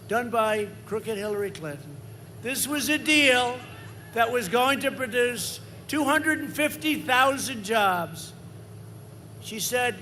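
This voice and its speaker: High-pitched rambling older man at a rally. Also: slight background noise. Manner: repetitive, rambling, swings to loud emphasis. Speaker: politician at a rally. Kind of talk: campaign rally speech. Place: large campaign rally.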